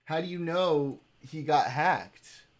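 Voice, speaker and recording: Brief: streamer host, casual chatter, animated pitch that jumps high when cooing at a pet. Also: takes it slowly. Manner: chatty, coos baby talk to a pet; filler-heavy. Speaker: livestreamer. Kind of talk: casual livestream chat.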